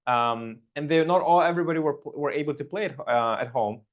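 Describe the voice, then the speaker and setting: A man hosts a casual podcast conversation in a somewhat high voice. He talks excitably, repeats words as he goes and curses without holding back. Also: a little fast. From Ukraine. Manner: excitable, swears freely, repeats himself. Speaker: podcast host. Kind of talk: casual chat.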